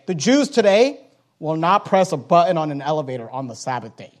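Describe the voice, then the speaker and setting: A man preaching a sermon, reading scripture aloud and swinging from quiet asides to loud, slowed-down emphasis. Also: a little high, very animated. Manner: reads King James scripture aloud, slowing for emphasis.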